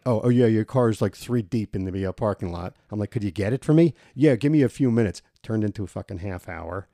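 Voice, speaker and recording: Low gravelly podcast man. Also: fast talker, dark tone, dry recording, studio quality. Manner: swearing, storytelling, laughs easily. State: recovering from a cold. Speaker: podcast co-host. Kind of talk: casual chat.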